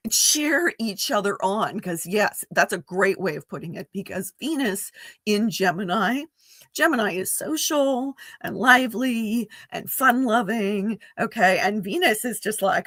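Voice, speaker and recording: A woman's voice: mid-range voice, expressive, a little slow, pushed and bright, no echo. A woman astrologer giving a casual spoken forecast, chatty and full of fillers, often laughing and acting out playful quoted voices.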